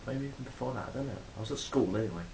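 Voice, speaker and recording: A man's voice: mid-range voice, racing, gravelly, slight background noise, rough recording. Rambling man vlogging on a phone. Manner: rambling, swears freely, acts out quoted exchanges loudly. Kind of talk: casual monologue to camera.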